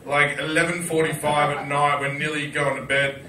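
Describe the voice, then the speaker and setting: A man's voice: on the high side, level tone, normal speed, pushed and bright, roomy sound, recorded from a distance. A man hosting a chat show, joking crudely and swearing in casual banter.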